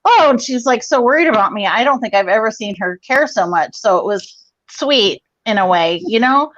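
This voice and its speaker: A woman's voice: on the high side, animated, moderate pace, a bit bright, no room sound, dull audio. Profane, rambling woman telling a story. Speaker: guest comedian. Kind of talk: casual storytelling.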